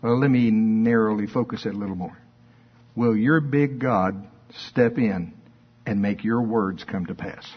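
A man preaching a sermon, swinging between high emphatic bursts and low, quiet asides. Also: measured pace, slightly rough. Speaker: pastor. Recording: dull lo-fi sermon recording.

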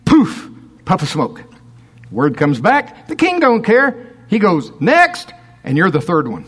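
A man's voice: high voice, wildly swooping pitch, measured pace, breathy edge, faint music behind. A man preaching a sermon, reading scripture aloud and breaking off into chuckling asides.

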